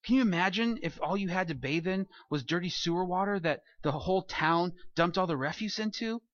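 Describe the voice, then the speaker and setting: A man preaching a sermon as pastor, animated, asking rhetorical questions and acting out quoted voices. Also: high-pitched, fairly quick, no echo, highs cut off.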